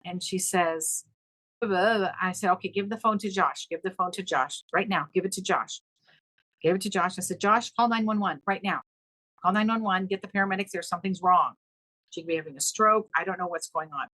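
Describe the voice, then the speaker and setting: Middle-aged woman, podcast guest, low voice, dry, animated storyteller. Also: fairly quick, dry recording, rough recording. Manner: animated, acts out quoted dialogue with pitch leaps. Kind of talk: emotional storytelling in conversation.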